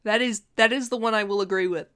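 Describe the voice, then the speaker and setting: A woman co-hosting a gaming podcast, quick to laugh and incredulous in casual chat. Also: medium pitch, a bit bright. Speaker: podcast co-host.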